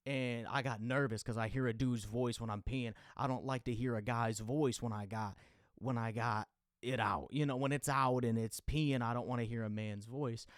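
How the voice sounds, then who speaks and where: A young man hosting a podcast, talking in a rambling, confessional way with lots of fillers and restarts, and getting loud and exasperated when he rants. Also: mid-range voice, fairly even intonation, normal speed, no room sound, clean studio sound. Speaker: podcast host. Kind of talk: casual monologue.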